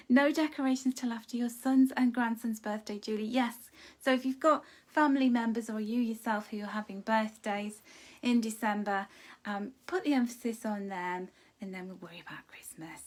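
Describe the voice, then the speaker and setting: Chatty woman greeting livestream viewers. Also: fairly high pitch. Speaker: card reader hosting a livestream. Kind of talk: casual live-stream chat. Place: home room.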